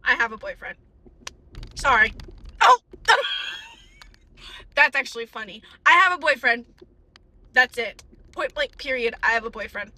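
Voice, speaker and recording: Bright-voiced chatty young woman. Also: a little high, moderate pace, pauses often. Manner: chatty, animated, giggly, stumbles over words. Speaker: vlogger. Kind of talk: casual chat, reading facts aloud.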